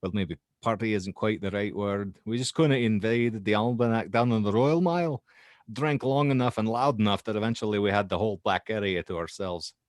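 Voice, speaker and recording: A man voicing a young Scottish male university student in a put-on Scottish accent, reading a horror statement with halting restarts. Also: lowish voice, no room sound, studio quality, voice pushed up, close to an everyday voice. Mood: uneasy recounting.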